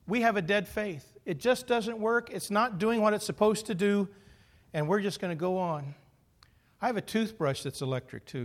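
A middle-aged male pastor preaching with a fairly high voice. He tells stories in an animated way and throws in funny asides. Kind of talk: sermon.

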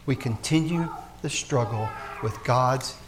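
A man preaching a sermon as pastor, folksy and joking with the congregation, swinging between loud emphasis and soft, hushed asides. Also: medium pitch, unhurried, noisy background. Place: church.

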